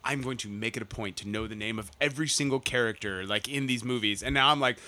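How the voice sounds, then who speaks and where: A man's voice: mid-range voice, quick pace, pushed and bright. A man in his forties co-hosting a casual podcast chat, joking and poking fun at himself. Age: 40s. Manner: joking, self-mocking. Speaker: podcast co-host.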